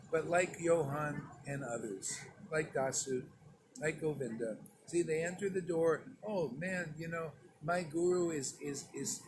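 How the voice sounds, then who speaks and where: A man preaching to his followers in a loose, conversational sermon, stern and emphatic. His voice sits a little higher than most men's. A steady hiss of background noise runs under the recording. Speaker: spiritual teacher. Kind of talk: informal sermon to disciples.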